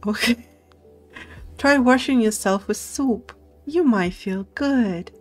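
Soft-spoken, playful woman streamer. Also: on the high side, takes it slowly. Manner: playful, giggly, reads game text aloud. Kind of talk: soft-spoken gameplay commentary. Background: faint game music.

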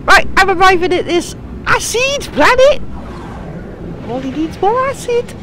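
An excitable woman narrates her gameplay, muttering and cursing to herself as she goes. Her voice swoops wildly between low grumbles and high squeals, and she talks slowly and drawn out. A steady noise sits behind her on this home game capture. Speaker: let's play gamer. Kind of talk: gameplay commentary.

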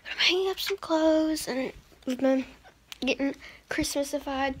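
A high-voiced young woman with a drawl chats to her phone camera in a loose, rambling vlog. She sounds tired and keeps hiccuping between thoughts. A faint hum of room noise sits under her voice. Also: measured pace. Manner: chatty, scattered, says she is tired. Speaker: vlogger. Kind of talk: casual vlog chat to camera.

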